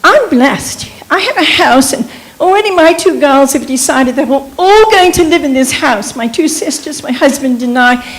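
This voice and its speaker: An older woman in her seventies gives an earnest, rambling personal account from the floor of a community meeting. Her voice sits high. She is picked up from some distance in the hall, so the sound sits back in the room. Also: expressive, normal speed. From Bermuda. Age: 70s. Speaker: audience member speaking at a meeting. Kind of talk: emotional personal testimony.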